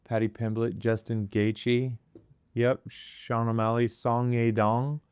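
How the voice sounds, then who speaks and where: Deadpan joking man podcast host. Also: medium pitch, slow pace, smooth. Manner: deadpan joking, laughs often. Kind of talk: casual comedic chat.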